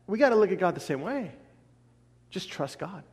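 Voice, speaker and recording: A man preaching a casual sermon as a pastor, animated, acting out voices and laughing often. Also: high-pitched, moderate pace. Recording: long echo of a large hall.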